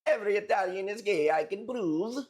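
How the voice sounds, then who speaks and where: A man's voice: high voice, lively intonation, normal speed, a little mellow, breathy edge, pitched above the performer's own voice. A man voicing a mocking caricature of an Italian man, with a crude, exaggerated mock accent.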